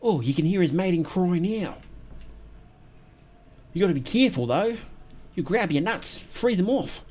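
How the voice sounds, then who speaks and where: An Australian man putting on the voice of an excitable male wildlife documentary presenter, in hushed, mock-earnest commentary. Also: high voice, normal speed, pauses often, voice pushed up. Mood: mock-excited.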